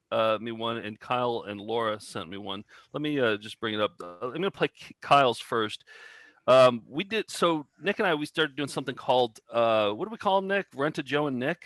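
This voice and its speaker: A man's voice: medium pitch, animated, brisk, a bit bright, no room sound. A middle-aged man co-hosting a casual chat show, rambling with lots of fillers and restarts. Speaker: co-host.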